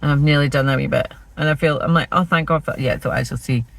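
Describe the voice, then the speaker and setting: With a bass voice, fairly even intonation, and vocal fry, this Scottish woman talks fast while hosting a flosstube chat about her cross-stitch projects. She rambles casually in a self-deprecating way; the recording is dry and low quality.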